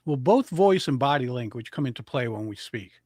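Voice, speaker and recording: A man who coaches public speaking, talking as a guest and explaining voice and breathing techniques with animated demonstrations. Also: medium pitch, brisk, no room sound, studio quality. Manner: animated, demonstrates vocal intonation.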